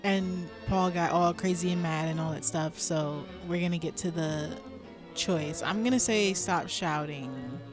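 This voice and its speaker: A woman's voice: lowish voice, unhurried, music in the background. Playful woman reading a visual novel. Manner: playful, laughs often, dramatic asides. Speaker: let's play streamer.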